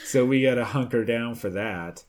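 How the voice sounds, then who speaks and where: A man co-hosting a podcast, chatting casually and trading quick jokes. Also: medium pitch. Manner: animated, joking, quick banter. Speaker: podcast co-host. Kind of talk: casual recap chat.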